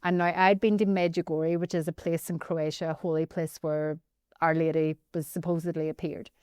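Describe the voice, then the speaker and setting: Animated Northern Irish woman, smooth voice. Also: low-pitched, normal speed, no room sound, studio quality. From Northern Ireland. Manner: animated, keeps addressing the host by name. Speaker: podcast guest. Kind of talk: emotional personal storytelling.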